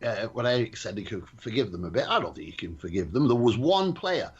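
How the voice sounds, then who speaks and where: A Mancunian man co-hosting a radio chat, with a husky, fairly high voice that rises and falls widely. He teases dryly, and he comes through a dull, lo-fi line. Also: sing-song, fairly quick. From Manchester. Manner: dry, teasing. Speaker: co-host. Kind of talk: casual chat.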